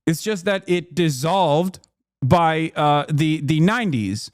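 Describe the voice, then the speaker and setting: Guy in his 30s ranting on stream, heated and sarcastic, kinda high voice, crisp and dry. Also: expressive, dry recording. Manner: fast, heated, sarcastic rants. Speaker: streamer reacting to news clips. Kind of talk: live-stream commentary, reading aloud.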